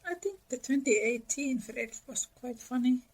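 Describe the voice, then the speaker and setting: A woman co-hosting a book podcast, sharing animated, opinionated views. Her voice sits notably high. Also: moderate pace, slightly rough, poor audio. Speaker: podcast co-host. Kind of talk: casual book discussion.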